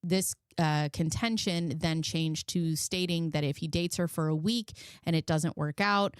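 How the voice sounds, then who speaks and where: Woman, 30s, livestream commentary host. Blunt, chatty, profane. Smooth voice, dry close mic. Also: deep voice, fairly even intonation, unhurried, hardly any pauses, no room sound, faint music behind. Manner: chatty, blunt, swears, thanks viewers.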